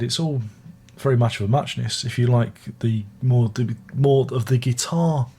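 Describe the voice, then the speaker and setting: Reviewing an album in a relaxed, wandering manner, an older man from Britain frequently restarts his sentences and throws in chatty asides. This music reviewer has a mid-range voice that is husky and a little mellow.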